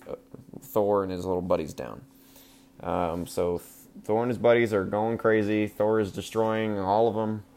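A man's voice: low voice, darkish tone. A man hosting a podcast, recapping a movie in a casual, crude, joking way full of fillers. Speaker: podcast host.

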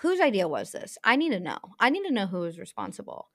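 A woman's voice: medium pitch, huge pitch swings, fast talker. A young adult woman co-hosting a casual podcast, telling stories in an emphatic, exasperated way. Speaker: podcast co-host. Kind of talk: casual chat.

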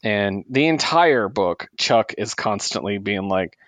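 Low-voiced enthusiastic podcast man. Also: expressive, a little slow, a bit bright, no echo. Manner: enthusiastic, rambling recaps. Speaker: podcast co-host. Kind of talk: casual comic book chat.

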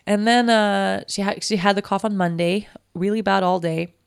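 A woman's voice: mid-range voice, steady tone, normal speed, vocal fry, hardly any pauses, smooth, no room sound. A woman in her thirties hosting a personal podcast, talking candidly and emotionally with many fillers, close to tears. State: near tears. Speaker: podcast host.

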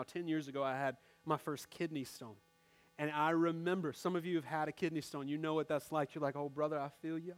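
A young male pastor with a notably high voice for a man preaches to his congregation in a church. His delivery is conversational and direct, speaking to the people in the room as he explains his point. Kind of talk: sermon.

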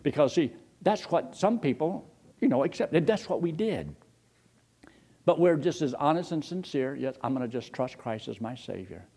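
This folksy storytelling sermon comes from an older man with a husky voice, moving at a moderate pace. Excitement sends his voice soaring, while quoting others brings it down low.

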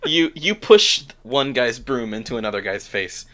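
A man running a tabletop role-playing game as game master, relaxed and laughing, with the odd swear word. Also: mid-range voice, moderate pace.

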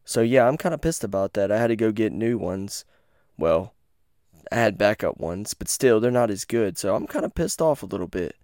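A podcast host lies on his bed and rambles through a casual episode, swearing a lot, stuttering, and restarting his sentences. His voice sits lowish with a darkish tone, animated and at a moderate pace. He's on headphones and a corded mic, and the sound is clean studio quality with no room sound.

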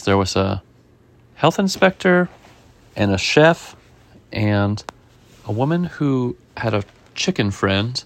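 Man reading a storybook to a kid, chatty and gentle, lively pitch, gravelly texture. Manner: gentle, chatty, asks the child questions. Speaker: storybook reader. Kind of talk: reading a picture book aloud with a child.

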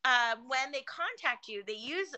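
Casual guest: a bright-toned, slightly high-voiced woman, animated storyteller, filler-heavy. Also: moderate pace, smooth, poor audio. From California. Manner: chatty, animated storytelling with many fillers and restarts. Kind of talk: casual conversation.

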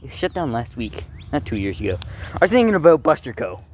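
A man's voice: mid-range voice, very animated, quick pace, a little mellow, slight background noise. Easygoing, rambling man in casual chat. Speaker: co-host.

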